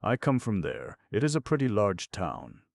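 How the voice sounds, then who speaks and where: Brief: fussing, soothing older aunt, read by a man with a gravelly voice. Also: lowish voice, sing-song, normal speed, dry recording, studio quality, voice pushed up. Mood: coaxing. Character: fussy, soothing provincial aunt, older woman.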